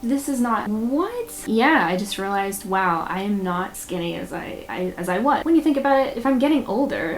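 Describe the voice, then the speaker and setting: A young woman in a personal vlog, talking candidly and a bit rambling, with frequent fillers and nervous laughs. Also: fairly low pitch. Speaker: vlogger.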